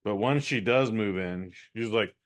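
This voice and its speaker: A man's voice: lowish voice, measured pace. A man co-hosting a podcast, giving a rambling, profane, exasperated movie review in casual chat.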